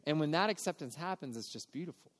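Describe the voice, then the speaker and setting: A man's voice: on the high side, lively intonation, quick pace, big-room sound. A man preaching a sermon in a conversational, earnest way, often acting out quoted voices. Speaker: pastor.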